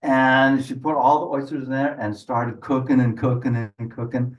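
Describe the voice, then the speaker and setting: A male storyteller with a middle-pitched voice leads a fairy tale in someone's living room, playful and chatty, drawing the listeners in. He sits back from the mic, so the voice arrives from across the room. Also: little pitch movement, normal speed, lo-fi sound. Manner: playful, coaxing the audience to join in. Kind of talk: live folk storytelling. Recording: voice from a distance.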